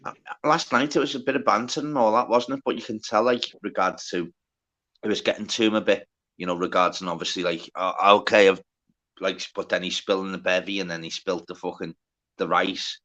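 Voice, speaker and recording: A man hosting a casual livestream chat, swearing a lot and talking in quick bursts full of filler words. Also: low-pitched, fairly even intonation, fairly bright tone. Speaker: livestream host.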